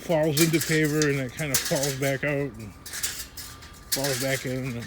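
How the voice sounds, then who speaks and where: A man's voice: medium pitch, a little slow. A middle-aged man vlogging in a loose, rambling way, talking to himself while he works. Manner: chatty, wandering, talks to himself while working. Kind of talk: casual rambling monologue. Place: work space with scrap, while handling items. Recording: steady background noise.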